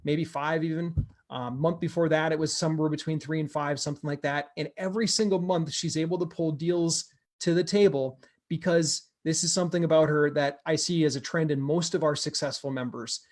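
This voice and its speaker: Guy w a fairly high voice hyping up a member's deal story, keeps repeating stuff for emphasis. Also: fairly quick. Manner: energetic, repeats words for emphasis. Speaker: host of a real estate investing group. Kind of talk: motivational storytelling to camera.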